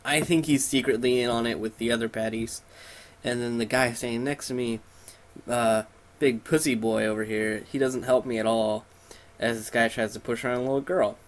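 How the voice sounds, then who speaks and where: Man, let's play commentary, casual, irreverent, joking, mid-pitched. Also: fairly even intonation, normal speed. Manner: irreverent, joking, makes up silly dialogue for characters.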